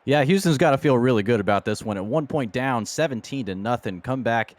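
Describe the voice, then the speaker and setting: A man with an expressive mid-range voice provides live color commentary on a simulated football game in esports. Talking fairly quickly on a dry recording, he's folksy and full of exclamations like "boy, oh boy".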